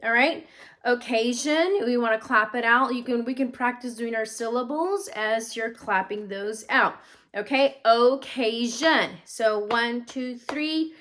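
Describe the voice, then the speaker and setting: Slow-paced encouraging first grade teacher. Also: female voice, on the high side, fairly bright tone. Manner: slow, drilled repetition of sounds for children; encouraging classroom talk. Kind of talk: remote phonics lesson.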